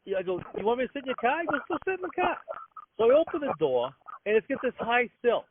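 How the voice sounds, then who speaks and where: A man in his fifties with a Boston accent, a comedian ranting in a rambling, excitable way and acting out other people's lines. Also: extremely high pitch, fast, a little hiss or hum. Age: 50s. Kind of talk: comic rant. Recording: tinny dry phone line.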